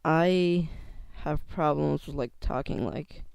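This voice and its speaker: Teenage male YouTuber, nervous and halting delivery, slightly high voice with a gravelly edge. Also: a little mellow, dry recording. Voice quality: voice cracks. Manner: hesitant, many fillers and restarts. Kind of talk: casual vlog monologue.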